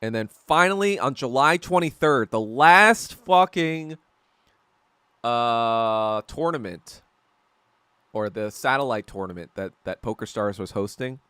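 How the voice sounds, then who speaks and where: A young man with a medium-pitched, animated voice hosts a casual podcast, chatting on a livestream while he eats. He speaks at a measured pace with a sharp yet smooth tone, and the recording is dry. He rambles through stories, laughs often, and swears a lot.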